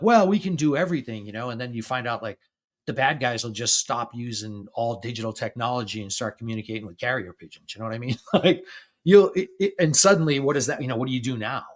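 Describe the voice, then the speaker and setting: A middle-aged man in his fifties talks loosely on his own podcast, pitched right in the middle of the male range. He keeps chuckling between phrases and often restarts or doubles his words as the stories tumble out. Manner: chatty storytelling, laughs often between phrases. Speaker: podcast host. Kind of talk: casual conversation.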